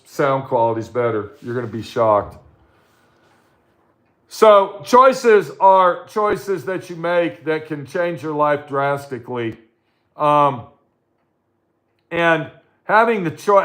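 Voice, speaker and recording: A man's voice: on the high side, fairly bright tone. Profane, ranting middle-aged man. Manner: halting, with many fillers. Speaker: vlogger. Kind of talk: casual ranting monologue.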